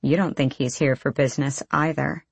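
Teasing blunt clan girl in a storybook, woman reading her, low voice, dry sound. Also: fairly even intonation, normal speed, gravelly, slightly rough, no echo, full character voice.

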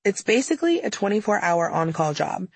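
A woman's voice: mid-range voice, very animated, fairly quick, vocal fry, breathy edge, dry recording. A woman narrating her own audiobook memoir in a candid, wry storytelling manner, close to the mic.

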